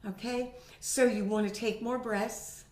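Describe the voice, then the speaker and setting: A middle-aged woman voice teacher recovering from a sinus infection, chatting and demonstrating pitch with her own voice in a home video lesson. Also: fairly even intonation, unhurried, darkish tone. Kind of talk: instructional video talk. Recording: roomy home recording.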